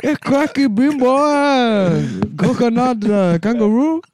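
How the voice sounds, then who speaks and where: A man voicing a bumbling male contestant who blurts catchphrases in a silly put-on accent, loud and halting. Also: mid-range voice, big pitch swings. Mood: goofy. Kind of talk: comedy podcast bit.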